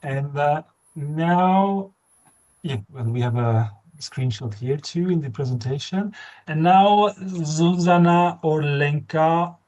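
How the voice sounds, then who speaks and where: A man's voice: fairly high pitch, slow, darkish tone. A man moderating a webinar, stammering through restarts as he hands the floor to the next speakers. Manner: stammering restarts while handing over. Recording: distant from the mic.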